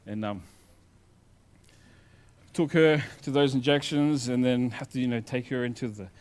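Unhurried and mid-range in pitch, this pastor tells stories through his sermon in a conversational way, alternating booming emphasis with hushed side remarks.

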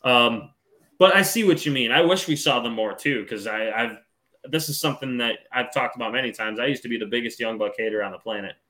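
A man co-hosting a wrestling podcast, talking in a relaxed, rambling way with frequent ums. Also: mid-range voice, fairly quick. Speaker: podcast co-host. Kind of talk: casual wrestling podcast chat.

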